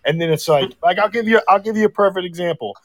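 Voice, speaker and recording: A man's voice: high-pitched, lively intonation, fast talker, no room sound. A man guesting on a podcast, telling profane anecdotes in casual chat.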